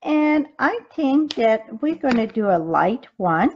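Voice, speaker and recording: High-voiced, unhurried woman demoing crafts. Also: big pitch swings, highs cut off. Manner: chatty, talks straight to viewers, explains as she works; loose grammar with frequent ums. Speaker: craft demonstrator and team leader. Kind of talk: live-streamed craft demo. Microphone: device mic from a live video stream.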